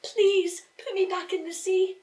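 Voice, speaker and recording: A woman voicing a small magic talking fish that begs to be set free, in a high, urgent voice. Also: flat delivery, measured pace, darkish tone, roomy sound. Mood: pleading.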